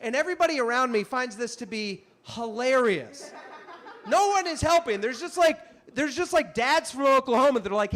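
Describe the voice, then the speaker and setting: A man telling a comic story on stage in an animated, punchy way, with frequent asides to the audience. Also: very high-pitched, moderate pace. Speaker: comedian and storyteller. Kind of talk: stand-up storytelling.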